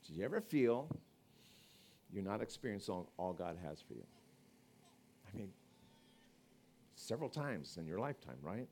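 Lively, animated male preacher. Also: deep voice, normal speed, pauses often, a little hiss or hum. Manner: conversational, swings between loud emphasis and quiet asides. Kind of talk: evangelistic sermon.

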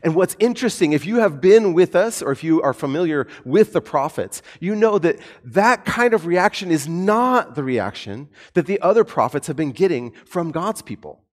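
Guy giving a sermon, kinda high voice that swings all over, casual jokey way, big echoey hall. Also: moderate pace, hardly any pauses. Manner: animated, conversational with light humor. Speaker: preacher. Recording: long hall reverb.

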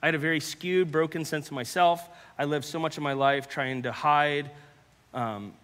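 Earnest pastor with a bright voice. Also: male voice, a little high, fairly even intonation. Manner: earnest, halting, repeats words, drops to hushed tones. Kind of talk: personal testimony sermon. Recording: long hall reverb.

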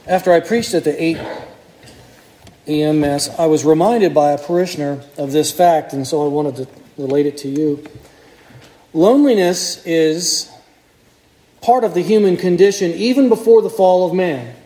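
A male priest preaching a sermon, telling the story with lively acted-out voices. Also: on the high side, moderate pace, echoey room. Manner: animated storytelling, acts out crowd voices. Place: church.

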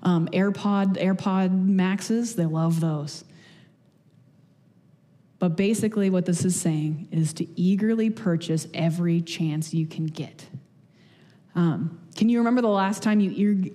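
Young woman preacher, chatty and self-deprecating, mellow low tone, echoing church hall. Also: unhurried. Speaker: speaker giving a church message. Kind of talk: casual conversational sermon. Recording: long hall reverb.

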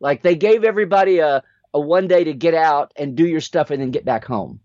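A man's voice: on the high side, brisk, no echo. A man co-hosting a podcast, telling a story in casual chat and acting out the people in it. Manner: animated storyteller who acts out the people in his stories. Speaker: podcast co-host. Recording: dull dry lo-fi sound.

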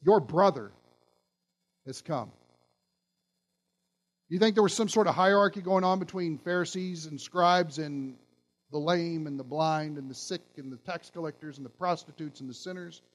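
A man's voice: a little high, fairly even intonation, fairly quick. A male pastor giving a sermon, emphatic and asking his listeners questions.

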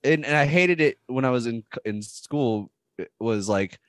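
A man's voice: mid-range voice, unhurried, a bit bright, no echo, studio quality. A man joking on a casual podcast, stretching out words for emphasis.

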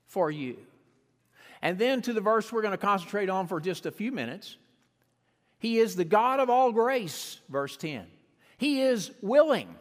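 A man preaching a sermon, emphatic, slowing down to stress key words and rising on repeated phrases. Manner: emphatic preaching with sweeping pitch and slowed stresses. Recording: long hall reverb.

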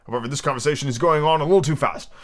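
A man's voice: fairly high pitch, racing, fairly bright tone, pitched above the performer's own voice, lightly acted. A man doing a pompous, touchy egg creature. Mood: haughty. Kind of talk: amateur podcast book reading.

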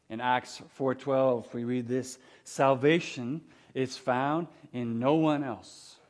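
A man preaches a sermon with a conversational touch. He often turns to the congregation with questions, and his voice sits at a middle pitch. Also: a little mellow. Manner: conversational, asks rhetorical questions. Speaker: pastor.

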